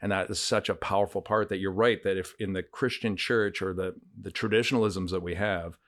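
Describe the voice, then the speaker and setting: Earnest deep-voiced man, dry close sound. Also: fairly even intonation, fairly quick, a bit bright, no room sound. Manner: earnest, searching, with many fillers and restarts. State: getting emotional. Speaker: podcast co-host. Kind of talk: reflective casual conversation. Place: countryside home.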